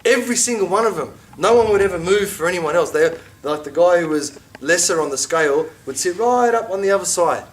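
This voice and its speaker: A man in middle age leads a relaxed religious class with a slightly high voice. He talks in a lively, conversational way, full of asides and acted-out quotes. His voice sits a little back from the mic. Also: a little fast, few pauses, distant mic. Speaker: religious teacher. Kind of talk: informal class lecture.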